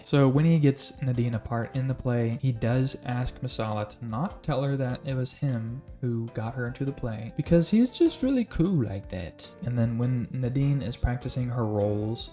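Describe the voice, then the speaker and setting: A man recaps a movie in a loose, chatty way and keeps slipping in dry, sarcastic jabs. His voice sits at an ordinary middle pitch. Soft music plays underneath. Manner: wry, sarcastic asides. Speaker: movie reviewer. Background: faint music.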